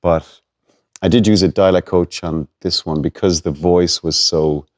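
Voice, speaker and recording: Irish actor, very low voice, soft-spoken and halting in casual chat. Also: male voice, steady tone. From Ireland. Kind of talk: casual conversation.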